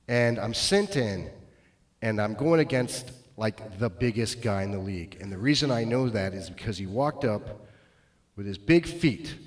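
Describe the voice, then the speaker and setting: A middle-aged man doing stand-up, telling self-deprecating stories that swing between loud bursts and muttered asides. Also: medium pitch. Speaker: stand-up comedian. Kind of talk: stand-up comedy storytelling. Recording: roomy echo.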